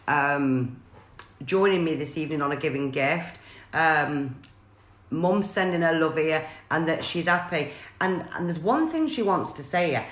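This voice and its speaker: A woman talks through a live-streamed reading in a chatty, rambling way, full of fillers and restarts. Her voice sits a little low. The sound carries a roomy echo. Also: fairly bright tone. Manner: chatty, relays messages with many fillers and restarts. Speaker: psychic medium.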